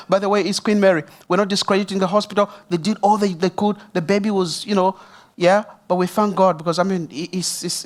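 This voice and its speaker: A man giving an emotional church testimony, talking straight to the audience. He preaches emphatically, rising loud and high, then dropping soft and low. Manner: addresses the audience directly. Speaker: speaker sharing a testimony at a church service.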